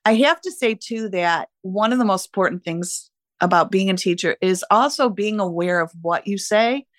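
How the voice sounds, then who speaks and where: A retired woman teacher in her sixties, reflecting warmly and emotionally in a conversational interview. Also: medium pitch, moderate pace, no room sound, studio quality. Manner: warm, emotional, laughs easily. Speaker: retired teacher, podcast guest.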